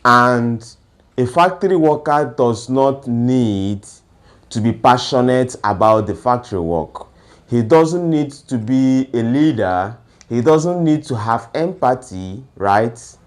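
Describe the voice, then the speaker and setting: Slow, deliberate man lecturing. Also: mid-range voice, animated. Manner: slow and deliberate, asks rhetorical questions then answers them. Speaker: education speaker. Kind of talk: lecture-style talk.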